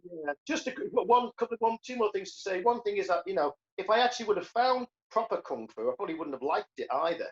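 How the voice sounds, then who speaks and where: A man's voice: high voice, expressive, fast, hardly any pauses. Man in his sixties, lo-fi sound. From Liverpool, England. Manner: earnest, reflective, stammers into sentences. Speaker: guest, comedian and karateka. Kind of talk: casual conversational interview.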